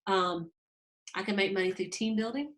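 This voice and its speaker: A woman's voice: mid-range voice, moderate pace, a bit bright, poor audio. A woman hosting a motivational sales team call, upbeat and folksy, coaching her team. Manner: upbeat, pep-talk, folksy.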